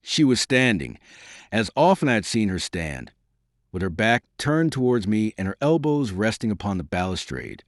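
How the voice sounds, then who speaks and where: A man narrating a first-person historical adventure novel as an audiobook, in a measured, expressive storytelling manner. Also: lowish voice, dry recording, clean studio sound.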